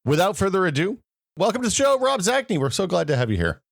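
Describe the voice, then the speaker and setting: A man hosting a casual tech podcast, talking in an animated way and telling anecdotes. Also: high voice, fast, gravelly, no room sound, studio quality. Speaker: podcast host.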